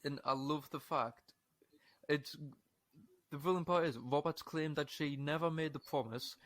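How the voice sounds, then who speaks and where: A man's voice: a little high, measured pace, fairly bright tone, no room sound. British podcast guy reading a story out, swears and laughs, dry close sound. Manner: swearing, laughing, acting out quoted lines. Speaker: podcast co-host. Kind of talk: casual chat, reading a story aloud.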